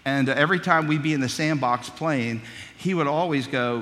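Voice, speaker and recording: A man's voice: a little high, moderate pace, a bit bright. Folksy male preacher in a big hall. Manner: folksy storytelling, humorous asides. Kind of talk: sermon with personal stories.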